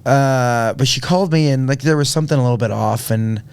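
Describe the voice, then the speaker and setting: A man's voice: mid-range voice, a little fast, clear, resonant tone. A man, telling a personal story earnestly on a podcast, with many fillers and restarts. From Indiana, USA. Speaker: podcast guest. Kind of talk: casual storytelling.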